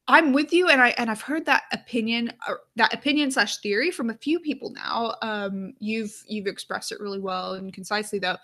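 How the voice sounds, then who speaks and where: A woman hosting a live aftershow, chatting casually and reading viewer comments aloud, with lots of "like" fillers and quiet murmured asides. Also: mid-range voice. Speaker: aftershow host.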